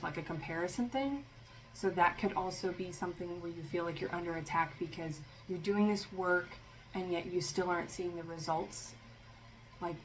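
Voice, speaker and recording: A woman with a lowish voice talks through a tarot reading in a relaxed, meandering way, leaning on fillers as she goes. Her tone carries a dry, sarcastic edge, and a faint hum of ambient noise sits behind her. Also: low-quality recording. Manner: rambling, loose, with many fillers. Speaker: tarot reader. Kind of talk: casual spiritual tarot reading.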